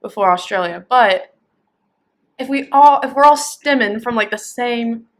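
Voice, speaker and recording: A young woman from the American South, co-hosting a casual podcast chat with animated, quick remarks and laughing asides. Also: fairly high pitch. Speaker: podcast co-host.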